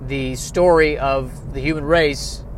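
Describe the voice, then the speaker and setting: A man's voice: mid-range voice, steady tone, takes it slowly, slight background noise. A man in his thirties or forties rambling through a casual, self-deprecating monologue with many hesitant restarts. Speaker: podcaster.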